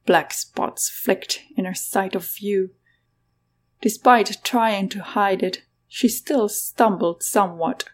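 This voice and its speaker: A woman narrating a fantasy story in a scripted, even reading. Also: medium pitch, slow. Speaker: audiobook narrator.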